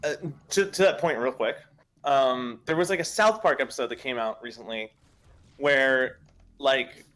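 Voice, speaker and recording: A man in casual stream debate, feeling his way through each point with stops, fillers and restarts. His pitch sits in an ordinary middle range. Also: unhurried, a bit bright. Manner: hesitant, full of fillers and restarts. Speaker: guest in a stream discussion.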